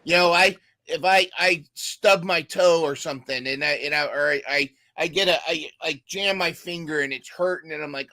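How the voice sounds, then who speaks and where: A man's voice: fairly high pitch, moderate pace, hardly any pauses, pushed and bright. A man hosting a podcast interview, supportive, often repeating words as he starts a thought. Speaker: podcast host.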